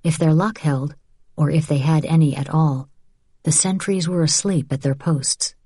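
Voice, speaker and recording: A woman reading a novel aloud as an audiobook narrator, in even, measured storytelling. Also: low-pitched, slightly rough, no echo, clean studio sound. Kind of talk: scripted narration.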